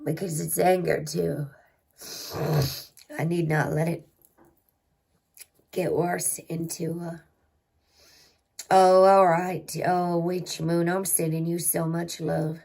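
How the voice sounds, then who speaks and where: A woman hosting a spiritual healing livestream, talking slowly and reflectively with her viewers. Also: fairly low pitch, little pitch movement, gravelly, a little mellow. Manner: slow, reflective, talks to chat and to herself. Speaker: spiritual healing channel host.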